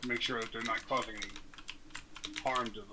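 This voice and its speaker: A man's voice: mid-range voice, steady tone, normal speed, heavy background noise. A man in a tabletop game casually explaining his character's motives. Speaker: player.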